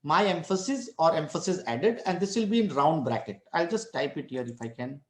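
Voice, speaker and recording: A man's voice: on the high side, animated, a little fast, echoey room. A man giving an online lecture, explaining step by step with restarts and frequent "right?" checks. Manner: explains step by step, many restarts and tag questions.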